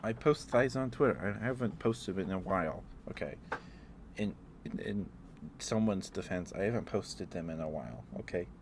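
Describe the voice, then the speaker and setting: A man streaming ASMR from home, chatting softly and giggling as he greets viewers by name, close to the mic. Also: low-pitched, moderate pace, noisy background. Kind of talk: soft-spoken ASMR live stream chat.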